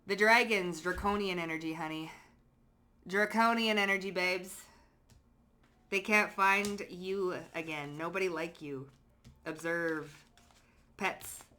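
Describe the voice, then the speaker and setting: A woman's voice: lowish voice, takes it slowly, pauses often. A woman doing a casual pick-a-card tarot reading, chatty and slangy, cursing freely and laughing as she talks straight to her viewers. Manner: lively storytelling with frequent laughs. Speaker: psychic tarot card reader.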